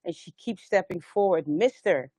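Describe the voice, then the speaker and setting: A woman's voice: on the low side, fairly even intonation, a little slow, a little mellow, no room sound. A woman hosting a live spiritual stream, telling stories earnestly and rambling with many restarts, urging listeners to stand strong. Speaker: host of a live sound healing stream. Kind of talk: spiritual livestream talk.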